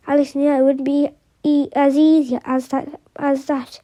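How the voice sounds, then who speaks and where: A woman reads a novel aloud in a high, mellow voice. She stumbles often, restarting and correcting words as she goes. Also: little pitch movement, moderate pace. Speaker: reader of an audiobook.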